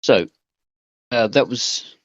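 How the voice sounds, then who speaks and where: A man's voice: mid-range voice, animated, slow, a bit bright, dry recording. A man narrating as game master, working through rules with many ums and self-corrections. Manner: hesitant, full of ums and rule checks. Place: home, online call. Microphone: voice call headset. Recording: dry, slightly dull online call audio.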